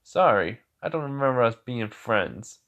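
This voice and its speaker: A man's voice: medium pitch, a little slow, highs cut off. A man voicing a cold, dismissive teenage boy hero who speaks curtly. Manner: curt, flat, unimpressed.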